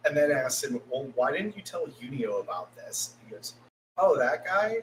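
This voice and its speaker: A man's voice: medium pitch, lively intonation, moderate pace, slight background noise, poor audio. A man co-hosting a podcast, giving a loose, profane recap of an anime episode and acting out the characters' lines as he goes. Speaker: podcast co-host.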